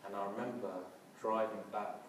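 Earnest preacher in a roomy hall. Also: male voice, on the low side, flat delivery, moderate pace, a little hiss or hum. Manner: earnest, with frequent restarts and fillers. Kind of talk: sermon. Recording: roomy, from a distance.

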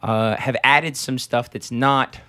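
A man, a musician guest, chatting eagerly and haltingly about his set. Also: mid-range voice, fairly even intonation, pushed and bright, clear, resonant tone, no room sound. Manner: enthusiastic, hesitant, many fillers. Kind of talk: casual chat.

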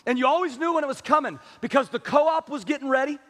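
A man's voice: very high voice, quick pace, fairly bright tone, in a large hall. A middle-aged male pastor preaching an impassioned, conversational sermon full of rhetorical questions to his church. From small-town upbringing.

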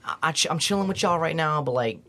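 Fast-talking young man spinning a story. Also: fairly high pitch. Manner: rambling, excitable, heavy on "like" and "bro". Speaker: podcast guest. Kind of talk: casual storytelling chat.

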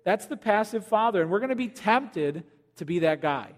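A man preaching a sermon as pastor in a church, animated and joking with the congregation, now and then acting out quoted voices. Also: sits high, normal speed. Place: church auditorium. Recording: long hall reverb.

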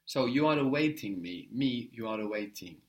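A man's voice: medium pitch, lively intonation, moderate pace. A man teaching a language lesson, patiently prompting a student with short praise.

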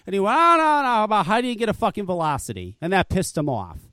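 A man's voice: sits high, sing-song, fast talker, bright, forceful tone, dry recording. A man co-hosting a podcast, ranting angrily and swearing emphatically as he reads and answers a comment. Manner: angry, profane, emphatic ranting. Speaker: podcast co-host. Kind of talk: heated podcast rant.

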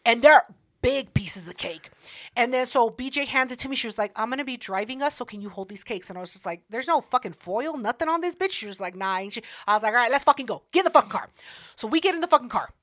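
A woman in her thirties hosts a podcast, speaking quickly in a fairly high voice with no echo. In casual chat she tells a story full of swearing, animatedly performing other people's lines.

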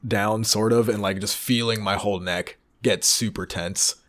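A man telling a story in casual podcast chat, animated, laughing often and swearing freely. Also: lowish voice, moderate pace. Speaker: podcast co-host.

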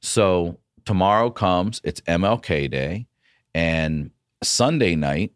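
A man, a comedian guest on a podcast, telling a story in a casual, profane and animated way. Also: sits low, slow, no echo, clean studio sound.

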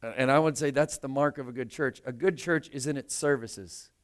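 A man's voice: medium pitch, moderate pace. A male pastor preaching a sermon to his church, earnest in tone and often repeating words as he builds emphasis. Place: church meeting room.

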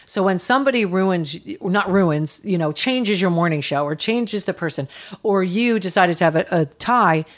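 Woman, podcast co-host, casual chat, lower pitch, emphatic, swears freely. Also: expressive, moderate pace.

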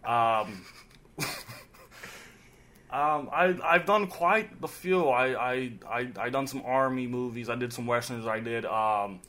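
A man doing a comedic impression of a stammering old-time male movie star with a slow, halting drawl. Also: mid-range voice, sharp tone. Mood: earnest. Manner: halting, repeats words, drawn-out.

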